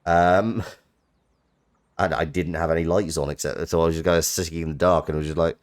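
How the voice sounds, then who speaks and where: A man's voice: sits low, fairly quick. A man streaming a card game, chatting casually and rambling in a self-deprecating way.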